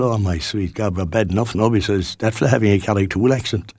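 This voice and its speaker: A man's voice: fairly low pitch, fast, few pauses, darkish tone, husky, no room sound, studio quality. A Cork Irish man in his sixties presenting local radio in a rambling, folksy chat full of fillers and restarts. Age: 60s.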